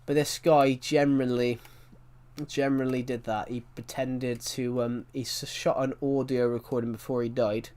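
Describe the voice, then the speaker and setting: A man's voice: medium pitch, flat delivery, moderate pace, a little mellow, clear, resonant tone. A man chats loosely to his stream audience in an ordinary mid-range voice. He tells stories in a rambling way, breaking off to correct himself before carrying on. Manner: rambling storyteller, frequent self-corrections. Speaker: livestreamer. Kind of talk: casual chat while streaming a game.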